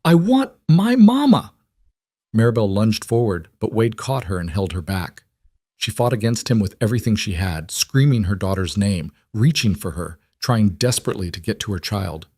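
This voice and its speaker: Low-voiced man narrating a dramatic story. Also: a little mellow, no room sound, studio quality.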